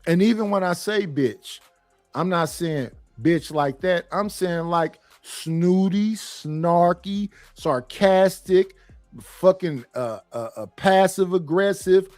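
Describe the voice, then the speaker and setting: A middle-aged man with a notably high voice speaks bluntly on a panel, cursing freely and rambling through stops and restarts. The sound is dry and close, with faint music underneath. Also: slow pace, a little mellow, dry recording. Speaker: panel guest. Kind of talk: casual opinion talk.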